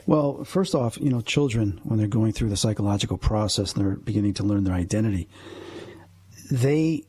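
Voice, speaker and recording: A man's voice: on the low side, normal speed, mellow, slightly rough. A man in his fifties, a paranormal investigator and medium, telling a story earnestly and with animation as a radio guest. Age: 50s.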